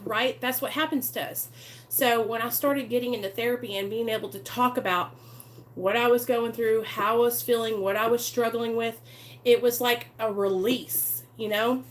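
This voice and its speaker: A woman's voice: a little high, steady tone, normal speed. A woman hosting a live recovery stream, talking earnestly and chattily to her viewers and greeting them by name. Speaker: recovery channel host. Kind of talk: casual live-stream talk.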